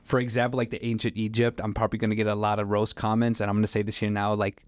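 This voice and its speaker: A man's voice: on the low side, monotone, racing, no echo. A young man in his twenties on a podcast, telling stories in a loose, rambling way with plenty of "like" fillers. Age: 20s. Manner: rambling, filler-heavy storytelling with many "like"s. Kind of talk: casual podcast chat.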